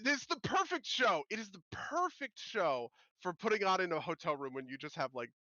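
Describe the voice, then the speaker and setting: A man's voice: sits high, very animated, a little fast, bright, forceful tone, dry recording, highs cut off. A man co-hosting a podcast in casual chat, rambling and laughing as he mock-quotes TV shows. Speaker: podcast co-host.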